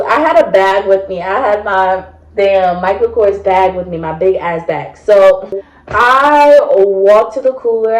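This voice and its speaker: A woman's voice: mid-range voice, a little mellow. A woman telling a funny personal story in a casual, chatty way, swearing freely and adding asides to the listener. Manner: chatty, profane, dramatic retelling with asides. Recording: roomy echo.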